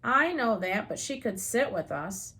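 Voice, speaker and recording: A woman's voice: medium pitch, sing-song, a little slow, pushed and bright. A woman voicing a bossy, cheeky young girl in a storybook reading.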